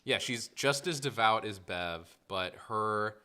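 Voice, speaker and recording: A man's voice: fairly low pitch, slow, bright, forceful tone, clear, resonant tone. A man co-hosting a podcast, talking through a TV series in a casual, thoughtful way with many "like" fillers. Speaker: podcast co-host. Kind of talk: casual film discussion.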